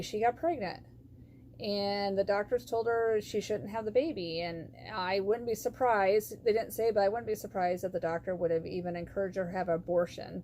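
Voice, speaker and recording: A woman's voice: mid-range voice, a little mellow, slight background noise. A middle-aged woman sharing a personal faith testimony, heartfelt and rambling with lots of fillers. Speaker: vlogger.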